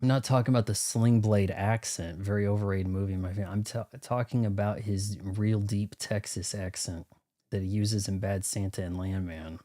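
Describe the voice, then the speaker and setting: A man's voice: fairly low pitch, steady tone, moderate pace, dark tone. A man streaming a video game, talking casually and rambling while joking and muttering to himself. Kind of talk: casual gameplay commentary.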